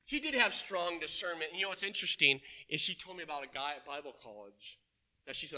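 A man preaching a sermon to his congregation, telling stories in an animated way and asking them questions. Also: on the high side, quick pace. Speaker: pastor. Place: church.

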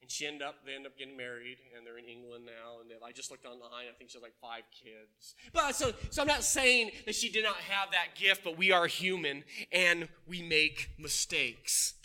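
Bright high-pitched male preacher. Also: normal speed, hardly any pauses. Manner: storytelling, animated, asks the congregation questions. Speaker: pastor. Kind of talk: sermon. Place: church.

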